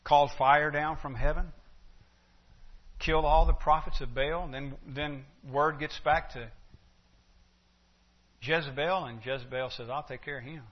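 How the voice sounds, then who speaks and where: A man's voice: fairly high pitch, fairly even intonation, a little slow, long pauses. A man preaching an expository sermon in a conversational way, asking his listeners rhetorical questions. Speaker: pastor. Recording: dull lo-fi recording.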